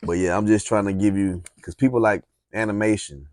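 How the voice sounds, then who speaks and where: Deep-voiced Southern man coaching speech. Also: fairly quick, dry recording, studio quality. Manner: relaxed, encouraging, rambling with fillers and reading aloud. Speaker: speaking coach. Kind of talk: casual instructional talk.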